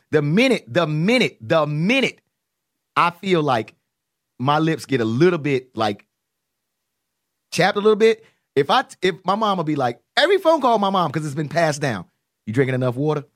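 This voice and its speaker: A man's voice: on the high side, normal speed. Guy cohosting a chill chat, voice all over the place, keeps poking with nosy questions. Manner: animated, teasing, prying questions. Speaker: podcast co-host. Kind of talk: casual chat.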